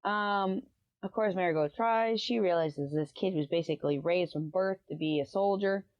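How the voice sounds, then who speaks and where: A woman's voice: lowish voice, normal speed, no room sound, muffled recording. A woman hosting a casual book review, retelling the plot in a rambling way with lots of "um" and "like.". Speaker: book review podcast host.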